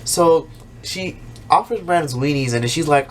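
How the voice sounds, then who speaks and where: A man's voice: on the high side, moderate pace, a little hiss or hum. A man talking casually as a YouTuber, recapping a TV episode with plenty of swearing and jumping into exaggerated voices for the characters. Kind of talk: casual, profane recap monologue.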